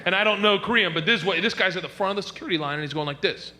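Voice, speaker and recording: A young man doing a stand-up set, telling an animated story, shouting punchlines and laughing between lines. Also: sits high, very fast. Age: young adult. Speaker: stand-up comedian. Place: comedy club stage. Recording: noisy live club recording.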